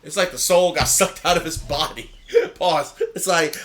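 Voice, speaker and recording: A man co-hosting a podcast in casual chat, an animated storyteller who laughs and swears. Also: on the high side, moderate pace. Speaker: podcast co-host.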